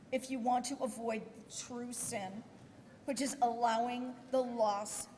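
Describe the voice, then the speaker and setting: An earnest woman reads a prepared rally speech in a measured way, with a somewhat high voice. Her voice rings out through a microphone in a large echoing space, with faint noise underneath. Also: darkish tone. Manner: earnest, measured, appeals directly to lawmakers. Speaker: speaker at an education rally. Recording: echoey hall with faint noise.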